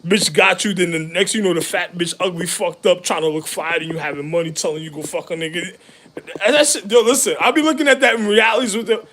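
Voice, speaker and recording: At a quick pace, a man delivers a rambling, profane monologue thick with street slang, alternating loud laughing outbursts with low mutters.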